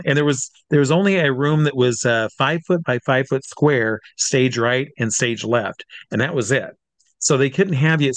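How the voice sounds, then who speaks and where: A man's voice: mid-range voice, no echo. A man who works as a drag comedy entertainer, telling backstage stories in a casual, chatty way, with many fillers and restarts. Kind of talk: casual anecdotal storytelling.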